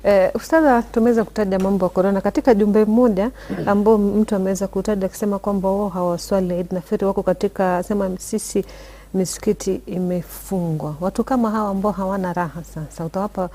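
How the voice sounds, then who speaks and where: A woman co-hosts a live broadcast, talking at a fast clip. She puts questions to her guest, brisk and affirming. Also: mid-range voice, fairly even intonation, warm tone. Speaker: TV co-host.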